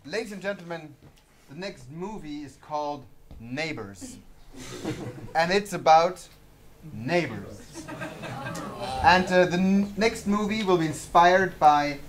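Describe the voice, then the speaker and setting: Playful, halting show emcee. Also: mid-range voice, animated, a crowd in the background. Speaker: improv show director and emcee. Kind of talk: addressing a live audience. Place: theater stage.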